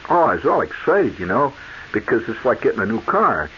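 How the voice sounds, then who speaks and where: A man hosting a radio show, telling a story in a chatty, animated monologue that speaks straight to the listener. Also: medium pitch, a little fast. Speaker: radio host. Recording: muffled old radio broadcast with hiss.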